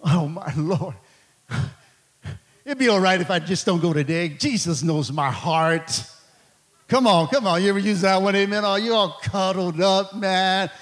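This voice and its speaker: A man's voice: sits high, measured pace. A man preaching a fervent sermon to a church, peppering it with calls of amen and stumbling restarts. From Mexico. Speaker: pastor.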